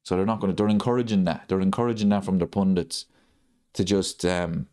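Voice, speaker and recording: He talks a little fast in a low, steady, somewhat mellow voice. As the host of a football watchalong live stream, he rants and says things over again for emphasis.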